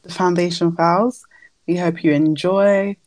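Laid-back young woman, low and dry. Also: fairly even intonation, unhurried, darkish tone, dry recording. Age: young adult. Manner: laid-back, laughing, chatty. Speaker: podcast co-host. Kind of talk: casual chat.

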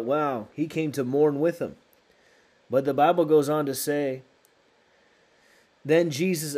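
A male preacher delivering a sermon with emphatic repetition. His voice sits a bit high for a man, yet the tone is mellow and warm. He hammers key phrases home. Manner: emphatic, repeats phrases for stress.

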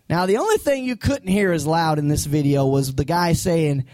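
A man preaching a sermon as pastor, animated and acting out voices from the story. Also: fairly high pitch, moderate pace, few pauses, dry recording.

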